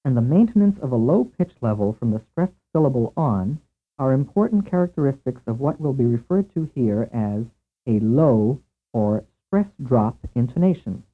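A man narrating a scripted language lesson in a measured way, asking questions and then giving the answers. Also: medium pitch, animated. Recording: tinny lo-fi tape over a narrow band.

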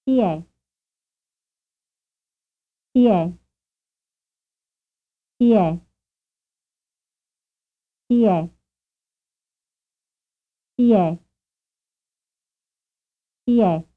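A woman voicing model phrases for a language drill, slow, careful and deliberate. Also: mid-range voice. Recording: tinny lo-fi tape over a narrow band.

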